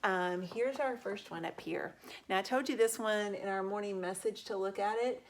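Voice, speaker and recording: A woman's voice: medium pitch, normal speed. A woman teaching a reading lesson to young children. She talks patiently, draws out letter sounds and asks the children questions.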